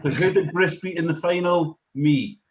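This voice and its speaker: A man's voice: a little high, fairly even intonation, moderate pace, reverberant, a crowd in the background. A man in a casual interview, teasing the guest in a mock-indignant way. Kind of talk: casual chat.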